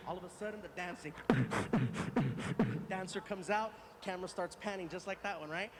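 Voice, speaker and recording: High-voiced man telling a stand-up story. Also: normal speed, pauses often. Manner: animated, acts out every voice. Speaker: stand-up comedian. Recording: noisy live stand-up recording.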